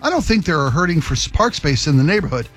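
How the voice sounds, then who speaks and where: A man co-hosting a talk radio show in casual chat, an animated, emotional storyteller who likes to joke. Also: fairly high pitch, fast, faint music behind. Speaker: radio co-host.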